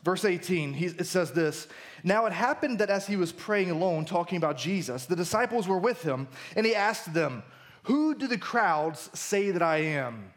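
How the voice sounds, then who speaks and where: High-voiced man preaching a sermon. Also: animated, moderate pace. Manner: conversational, emphatic preaching. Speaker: pastor. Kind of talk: sermon with scripture reading. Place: church service.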